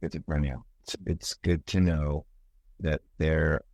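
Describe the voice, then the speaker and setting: Man, podcast host, extremely deep voice, flat and soft-spoken, dry recording. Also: a little slow, dry recording. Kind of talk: casual interview chat.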